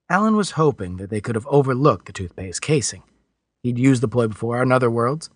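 A man reading a science fiction audiobook in scripted narration with expressive, varied delivery. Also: mid-range voice, a little fast, no room sound, clean studio sound.

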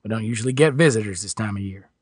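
A man voicing a brisk older country doctor with a slight country accent. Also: on the low side, darkish tone, breathy edge, no echo, pitched below the performer's own voice.

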